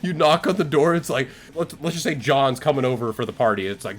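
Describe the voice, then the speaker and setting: A man's voice: fairly high pitch, fairly quick, hardly any pauses, fairly bright tone, faint music behind. A young man live-streaming, improvising a silly story in a rambling, playful way and talking straight to his chat.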